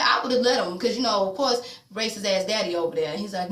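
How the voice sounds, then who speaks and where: A woman's voice: mid-range voice, fairly quick, hardly any pauses, a bit bright. A young woman talks through a TV episode recap in a blunt, sassy, profane way. She slips into the characters' voices as she quotes them. Her mid-range voice bounces around an echoey home room. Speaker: TV recap vlogger. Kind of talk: casual recap commentary.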